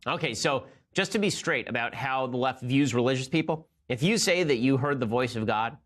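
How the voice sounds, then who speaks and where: Rapid-fire sarcastic male commentator. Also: mid-range voice, animated. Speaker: political commentator. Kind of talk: fast opinion monologue.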